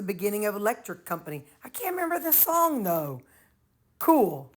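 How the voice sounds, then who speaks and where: A woman's voice: medium pitch, sing-song, moderate pace. A middle-aged woman talking straight to her viewers in a loose, rambling vlog. Her speech is folksy and chatty, with jokes tossed in along the way. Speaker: vlogger. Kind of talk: casual chat to viewers.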